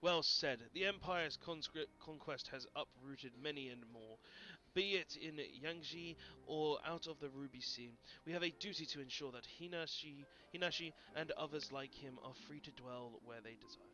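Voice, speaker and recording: Brief: a man doing a dignified young noble, formal, bright, lo-fi stream audio. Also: a little high, normal speed, few pauses. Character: dignified young male lord. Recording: dull lo-fi stream audio, faint game music.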